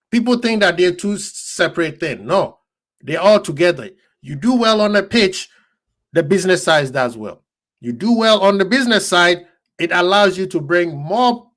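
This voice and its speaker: A man hosting a football fan live stream, talking casually and excitedly to his chat, laughing often. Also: fairly high pitch.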